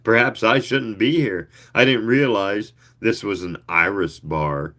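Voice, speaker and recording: A man reading a story aloud, voicing a poised and witty young woman who speaks clearly and calmly. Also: lowish voice, unhurried. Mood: mock-surprised. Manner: cool, clear and punning.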